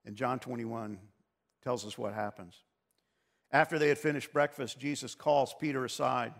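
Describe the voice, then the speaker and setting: A man's voice: mid-range voice, fairly even intonation, normal speed, a bit bright. A male pastor giving an earnest, conversational sermon, often repeating words as he explains scripture.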